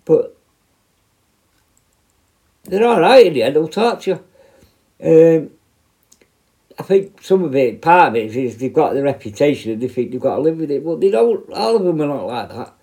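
A middle-aged man, a prison officer telling stories in a blunt, swear-heavy, animated way. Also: a little high, normal speed, long pauses. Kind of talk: casual storytelling monologue.

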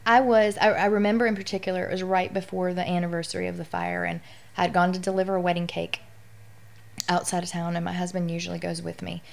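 A woman's voice: fairly low pitch, level tone, fast talker, vocal fry. A middle-aged woman speaking candidly and with emotion as a guest in a conversational interview.

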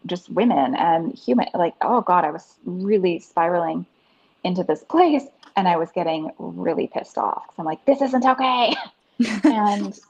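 A woman in her thirties, a podcast guest, telling her story in an earnest, animated way with lots of "like". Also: fairly low pitch. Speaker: podcast guest, breathwork facilitator. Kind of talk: casual interview storytelling. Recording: dull lo-fi sound.

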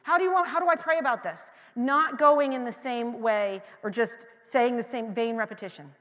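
Preaching at a moderate pace, this woman pastor gives a loose, candid, conversational sermon, telling personal stories and frequently restarting sentences. Her high, bright voice alternates between near-whispered confiding and loud, emphatic passages, and a long reverb echoes as if in a big church hall.

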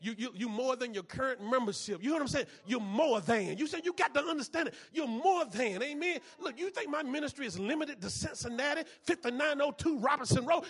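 A male pastor preaching with a very high, husky voice. He repeats key phrases and drops in amens, moving between near-whispered stretches and loud, driving ones. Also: lively intonation, fairly quick, few pauses. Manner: repetitive preaching with frequent amens, swinging between hushed and loud. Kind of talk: sermon.

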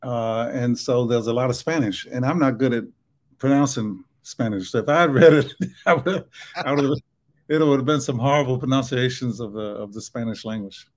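A man with a Southern US accent, a book author talking as a podcast guest in a relaxed way, mumbling some words and laughing often. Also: medium pitch, moderate pace. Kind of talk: podcast interview.

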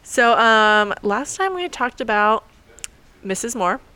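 A woman co-hosting a podcast in casual chat, playful and quick to laugh, recorded in a bookstore. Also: fairly high pitch, very animated, sharp tone, smooth. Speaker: podcast co-host. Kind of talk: casual chat, reading a quote. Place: bookstore with shoppers around.

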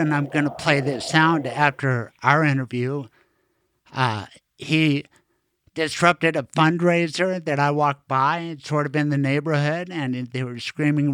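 A man from Colorado hosting an interview, talking in a quick, chatty way and cutting in to add his own points. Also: on the high side, pushed and bright, no echo. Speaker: podcast host, lawyer. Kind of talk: conversational interview.

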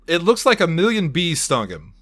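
A man's voice: a little high, wildly swooping pitch, normal speed, fairly bright tone. A man hosting a casual podcast, rambling through movie trivia and swearing freely. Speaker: podcast host.

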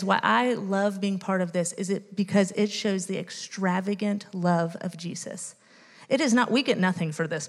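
A woman's voice: medium pitch, big-room sound. A woman in her late thirties giving an earnest church testimony with many ums. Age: late 30s. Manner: earnest, many ums, emotional toward the end. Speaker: youth ministry volunteer sharing a testimony.

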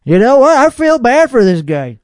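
A man with a high voice talks alone in casual reaction commentary, dry and sarcastic, grumbling as his thoughts wander. The sound is close and dead, with no room around it. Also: sing-song, normal speed, no echo. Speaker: podcast host reacting to online videos.

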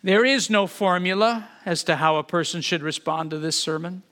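A man's voice: high voice, normal speed, fairly bright tone. A man preaching a sermon as pastor, earnest and often repeating words as he builds emphasis, then leading a prayer.

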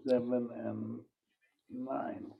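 A man on a group voice call who answers tersely and sleepily, with slow replies. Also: mid-range voice, little pitch movement, vocal fry, phone-quality sound. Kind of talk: casual group voice chat.

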